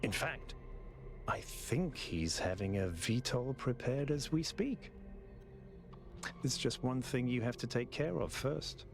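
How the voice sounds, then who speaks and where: An actor voicing an earnest, thoughtful male robot mayor in a video game, speaking in a measured, reflective way. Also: mid-range voice, lively intonation, gravelly. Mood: wry. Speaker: game character. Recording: game music behind.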